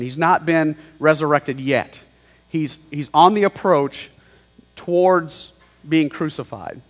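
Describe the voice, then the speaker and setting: A man preaching a sermon in a conversational, emphatic way, mixing scripture with slangy paraphrase. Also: on the high side. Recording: long hall reverb.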